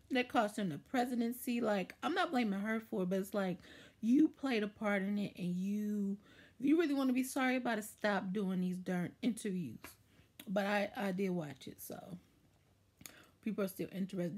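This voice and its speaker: A woman with a husky, slightly breathy voice talks straight to her viewers, opinionated and sassy. Her pitch sits mid-range but jumps up sharply whenever she stresses a point, giving her chat an animated, emphatic bounce. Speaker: YouTube commentary host.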